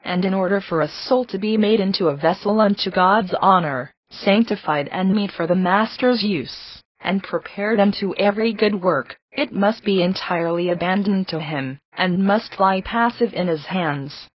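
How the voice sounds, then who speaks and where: A woman reading a devotional book aloud in a measured, earnest and reverent way. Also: mid-range voice, breathy edge, no room sound. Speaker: reader. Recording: slightly dull, lo-fi recording.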